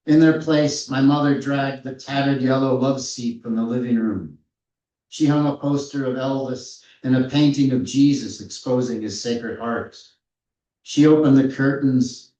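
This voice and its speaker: A man in his fifties, an author giving a measured, reflective reading from his memoir at a live authors' event. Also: medium pitch, warm tone. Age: 50s. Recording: roomy, distant, dull-sounding hall recording.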